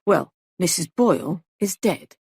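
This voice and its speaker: A woman's voice: on the low side, animated, unhurried, gravelly, darkish tone, husky, no echo, clean studio sound, exaggerated voice. A woman voicing a grave male police sergeant who questions people in a clipped, insistent way. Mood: stern.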